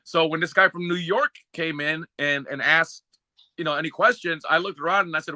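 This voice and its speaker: A man with a very bright, cutting voice tells stories with gusto and puts on voices for the people in them. His voice sits a bit high for a man, and the sound is close and completely dry. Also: fairly quick, no echo. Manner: lively storyteller, acts out the other people in his stories. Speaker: co-host, former wrestler. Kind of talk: casual podcast chat.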